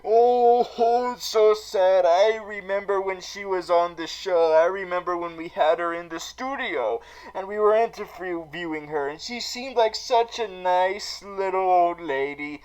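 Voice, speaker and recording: A man's voice: high voice, measured pace, clear, resonant tone, low-quality recording. A man hosting a comic recap vlog, rambling and profane with many fillers and restarts. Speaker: comedy vlogger in villain persona.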